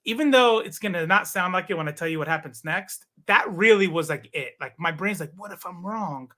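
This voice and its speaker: A man's voice: high voice, brisk, pushed and bright. A man in his forties, a guest in a casual interview, telling a long personal story with many fillers and restarts. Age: 40s. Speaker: podcast guest.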